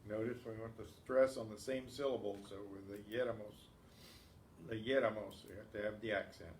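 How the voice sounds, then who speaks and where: In a community classroom, a man with a fairly low, steady voice talks fast over slight background noise. He's leading an advanced Spanish lesson, patiently working through grammar and reciting verb conjugations one by one. The recording carries a roomy echo with faint ambience.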